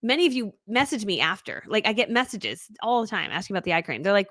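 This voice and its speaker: A woman coaching a live webinar, fast-talking, bubbly and high-energy. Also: big pitch swings, fairly bright tone, no room sound, studio quality. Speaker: online business coach.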